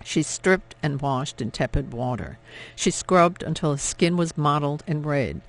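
A man narrating a historical novel in a measured, dramatic reading style. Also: on the high side, gravelly, fairly bright tone. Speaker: audiobook narrator. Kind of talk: scripted narration.

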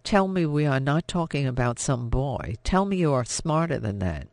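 A man's voice: mid-range voice, sing-song, moderate pace, no echo. A man playing a bitter, drinking middle-aged father who speaks in a weary, stern manner.

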